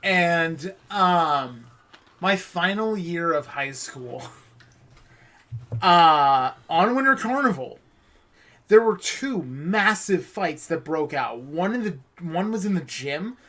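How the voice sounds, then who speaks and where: A man's voice: on the high side, expressive, takes it slowly, fairly bright tone. A man co-hosting a podcast, chiming in and telling his own stories with casual swearing. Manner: swearing, chiming in with short replies. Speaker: podcast co-host. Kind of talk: casual chat.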